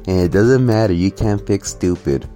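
A man's voice: low-pitched, normal speed, warm tone, soft background music. A man hosting a reaction video, giving sarcastic, scornful commentary on a clip and laughing at his own jokes. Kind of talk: mocking commentary over a clip.

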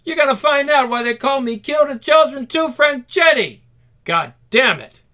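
A man voicing a gruff, boastful older male mob boss with tough-guy bravado. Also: very high-pitched, animated, moderate pace, pushed and bright, voice pushed up, heavily acted. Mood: blustering.

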